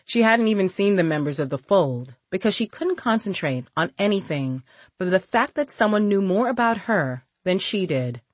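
Expressive woman audiobook narrator. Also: fairly low pitch, no echo. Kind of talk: scripted narration.

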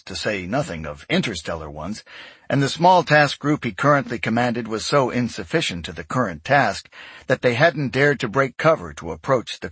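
A man giving scripted narration of a sci-fi story in a measured, even way. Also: mid-range voice, slightly rough, no echo. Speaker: audiobook narrator.

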